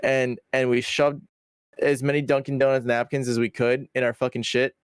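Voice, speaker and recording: A man's voice: medium pitch, little pitch movement, moderate pace, clean tone, no room sound, studio quality. A young man as a podcast guest, telling a story in a rambling, slangy, swearing style with many restarts. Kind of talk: casual storytelling chat.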